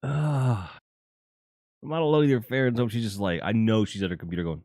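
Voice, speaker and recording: A man's voice: on the low side, brisk, darkish tone, no room sound, clean studio sound. A man hosting a casual, rambling and jokey chat about music. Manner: rambling and jokey, with lots of fillers and laughs. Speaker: host.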